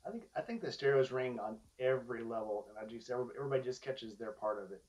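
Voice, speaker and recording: A man hosting an interview, chatty and quick to tell stories. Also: mid-range voice, darkish tone, dull audio. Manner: chatty storyteller. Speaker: interview host. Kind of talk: casual interview conversation.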